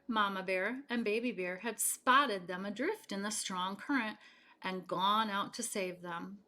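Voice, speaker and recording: A woman with a mid-range voice reads a children's picture book aloud, gentle and expressive as she tells the story.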